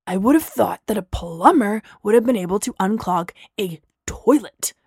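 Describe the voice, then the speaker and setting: A blustering young man snaps and whines in slow, drawn-out words, played by a woman reading aloud. His voice is raspy with creak, and the sound is dry and close. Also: mid-range voice, very animated, mellow, no room sound, full character voice. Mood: testy. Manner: testy, drawn-out, defensive.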